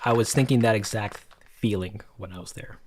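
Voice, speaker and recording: A man casually telling a rambling story while he works through a game development project, with many restarts and excited bursts. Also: lowish voice, fairly quick. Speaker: game developer showing his work. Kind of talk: casual screen-recorded dev vlog with storytelling.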